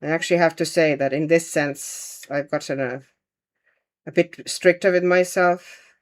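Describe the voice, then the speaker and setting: A woman's voice: sits low, fairly even intonation, measured pace. A woman hosting a casual livestream, chatting and thinking aloud as she paints and answers viewer comments. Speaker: livestream host.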